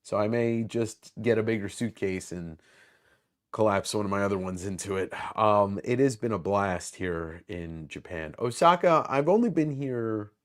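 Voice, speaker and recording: Rambling low-voiced man chatting on a live stream. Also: lively intonation, moderate pace. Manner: rambling, self-mocking, greets chat viewers by name. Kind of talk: casual live stream chat.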